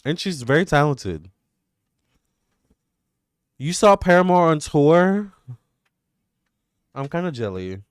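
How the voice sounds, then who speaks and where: A man, hosting live tarot readings and chatting excitedly with viewers. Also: a little high, clear, resonant tone, dry recording, clean studio sound. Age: 30s. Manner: excitable and gushing, quick swings between squeals and murmurs. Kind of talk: casual livestream chat with viewers.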